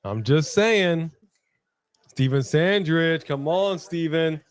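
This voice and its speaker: A man co-hosting a live wrestling watch-along, joking around and breaking into loud shouted bits. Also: a little high, takes it slowly. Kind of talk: casual live-stream commentary.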